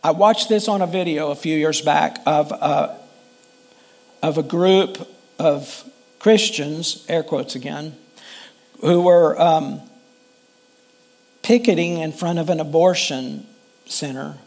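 A man preaching a sermon in a high, light voice at an unhurried pace. He speaks as a pastor in an earnest, conversational way. His sentences often stop and start again as he works through his thoughts. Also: darkish tone.

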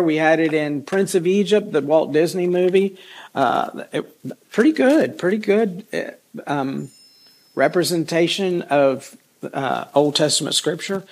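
A man's voice: on the high side, darkish tone. A man teaching a casual Bible study, folksy and rambling with chatty asides.

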